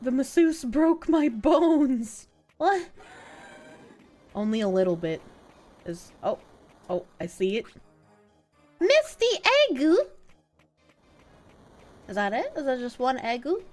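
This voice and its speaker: Young woman streamer, swoopy animated delivery, crude and jokey, faint game music under her. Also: on the high side, takes it slowly, pauses often. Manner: casual, profane, joking with chat. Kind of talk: live game stream chat.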